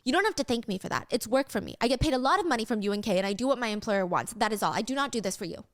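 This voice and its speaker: A brusque, matter-of-fact male lawyer, read by a woman in a podcast retelling. He talks fast and flat, keeping his care hidden. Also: a little high, natural voice. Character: curt, protective male lawyer.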